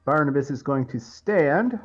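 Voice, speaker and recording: A man's voice: fairly high pitch, expressive, measured pace, lo-fi sound. A man playing a tabletop game, calling out his moves in a plain, matter-of-fact way. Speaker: player.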